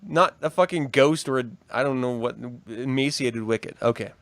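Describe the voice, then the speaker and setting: A man's voice: mid-range voice, moderate pace, no echo. A man co-hosting a fan podcast, chatting casually and swearing as he mocks things and laughs. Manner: animated, profane, laughing, mocking. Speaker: podcast co-host. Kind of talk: casual chat.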